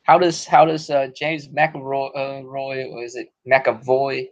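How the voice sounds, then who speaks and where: A man chatting loosely on a podcast, his talk full of slang and swearing and often breaking into laughs. His voice sits at an ordinary middle pitch, and the recording is dull and lo-fi. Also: level tone, measured pace. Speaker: podcast host. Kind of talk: casual podcast chat.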